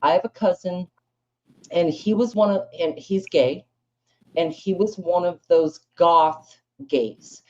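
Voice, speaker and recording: A woman's voice: lowish voice, takes it slowly, highs cut off. A woman speaking on a live panel, telling a rambling story in blunt, casual talk full of swearing. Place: live panel room with audience.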